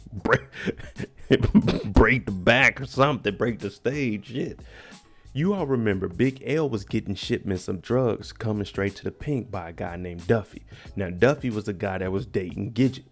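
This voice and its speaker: Male recap vlogger with a gravelly, fry-heavy voice, casual and joking, addressing viewers directly. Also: fairly low pitch. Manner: slangy, joking, talks straight to viewers. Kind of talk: casual show recap commentary.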